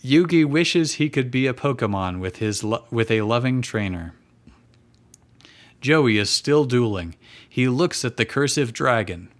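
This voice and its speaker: A man reads silly fan fiction aloud at an unhurried pace. His pitch moves around a lot while his delivery stays dry and deadpan. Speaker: reader and co-host. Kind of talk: comedic live reading of fan fiction.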